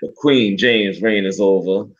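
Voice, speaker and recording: A man's voice: lowish voice, a little slow, breathy edge, lo-fi sound. A man co-hosting a casual sports talk show over a phone connection, loose and joking, stammering as he restarts his sentences. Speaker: podcast co-host calling in.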